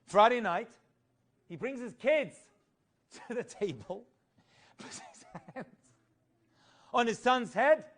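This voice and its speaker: A middle-aged male rabbi telling stories in an animated Torah class, singing quoted Hebrew phrases and adding humorous asides. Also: very high-pitched, takes it slowly, long pauses.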